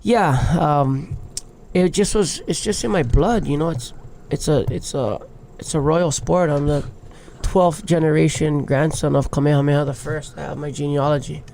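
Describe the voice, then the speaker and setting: His voice is on the high side, creaky and darkish, moving at a moderate pace with few pauses, and a little hiss or hum sits in the background. He's a big wave surfer from Hawaii in his thirties, guesting on a podcast and telling his life story openly, emotionally and with casual swearing.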